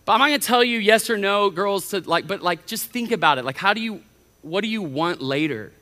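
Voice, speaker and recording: In a church auditorium, a middle-aged college pastor preaches an animated sermon, often acting out the voices of people he quotes. His voice is high-pitched and brisk, and the hall sounds reverberant.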